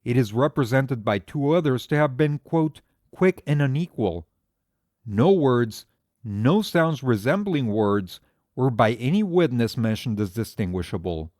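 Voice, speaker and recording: A composed amateur detective, as a male reader voices him lays out his case in measured, lecturing tones. His pitch moves freely as he argues, and the recording is close and dry. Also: lively intonation, a little mellow, dry recording, lightly acted. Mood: reasoning. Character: calm, methodical amateur detective, adult man. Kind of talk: audiobook character reading.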